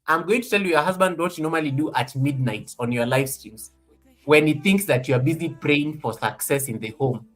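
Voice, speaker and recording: A man's voice: fairly high pitch, fairly quick, soft background music. A man hosting a live stream in casual chat from an office, teasing and laughing often and making mock threats.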